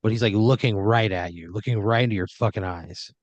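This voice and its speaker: Low-voiced man narrating a rambling improv scene. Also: brisk, no room sound, muffled recording. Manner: rambling, lots of "like" and "you know". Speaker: host running the improv story. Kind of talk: improvised second-person storytelling.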